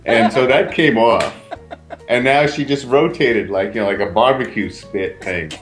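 Man, podcast co-host, mid pitch, relaxed halting delivery, faint music behind. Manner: relaxed, hesitant with fillers, dry humor. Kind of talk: casual storytelling chat.

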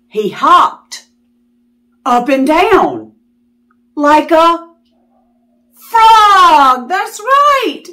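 A woman reading a picture book aloud to children, animated and delighted, stopping to ask them questions. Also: high voice, drawn-out words, long pauses. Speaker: children's storyteller.

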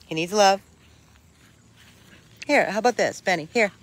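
Older person at home goofing around w a puppy, chatty, squeaky coaxing calls to the dog. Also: measured pace. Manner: talks to the dog in high coaxing calls between plain remarks. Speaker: dog rescuer showing a dog for adoption. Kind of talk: casual talk while playing with a dog. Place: home with a dog, in hot weather.

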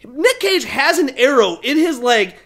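A young man co-hosting a podcast, casually recapping a movie plot, excitable and laughing often. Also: very high voice, unhurried. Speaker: podcast co-host.

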